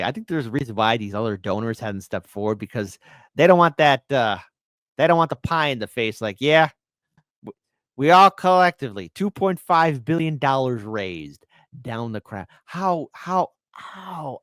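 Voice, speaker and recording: A man hosting political commentary, mocking and animated, jumping between voices. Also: mid-range voice, no echo.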